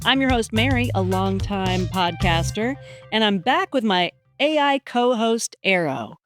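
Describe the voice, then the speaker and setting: A woman's voice: medium pitch, expressive, measured pace, soft background music. Woman hosting a casual podcast. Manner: casual, amused, with fillers. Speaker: podcast host.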